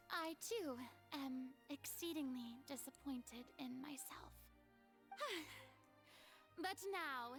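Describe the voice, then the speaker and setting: A woman's voice: high-pitched, a bit bright, heavily acted. An actress voicing a proud, theatrical young female deity in a game cutscene, speaking in a dramatic, declamatory stage manner. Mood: solemn.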